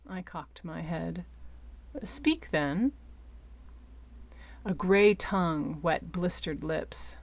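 Slow, low-voiced woman narrating. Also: fairly even intonation, gravelly. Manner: slow, deliberate storytelling. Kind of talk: audiobook narration.

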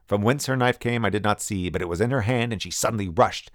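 A man narrating a first-person adventure story in a measured, vivid reading. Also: lowish voice, no room sound, clean studio sound. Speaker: audiobook narrator.

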